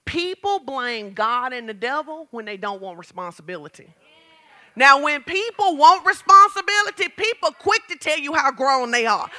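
A woman pastor preaching a lively sermon, asking the congregation questions and building to shouts. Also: high voice, normal speed. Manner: talks straight to the congregation with questions.

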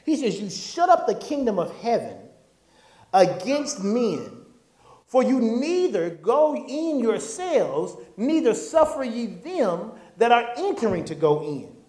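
A pastor preaching a sermon in a church, animated and folksy, calling out to the congregation. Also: medium pitch, takes it slowly. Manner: animated, call-and-response preaching; folksy, conversational asides. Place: church sanctuary. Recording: echoey church room.

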